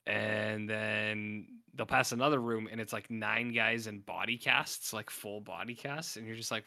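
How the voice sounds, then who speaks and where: A man's voice: fairly low pitch, steady tone, measured pace, creaky, hardly any pauses, sharp tone. A man casually chatting on a podcast, rambling and acting out scenes in funny voices. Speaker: podcast co-host. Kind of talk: casual chat.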